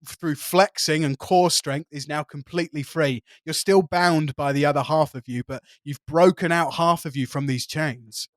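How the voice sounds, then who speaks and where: An English man running a tabletop game, his voice a little higher than most men's. He narrates the scene vividly and laughs easily. The sound is dry and close to the mic. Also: moderate pace, few pauses, dry recording. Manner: lively, laughs often, descriptive. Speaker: game master.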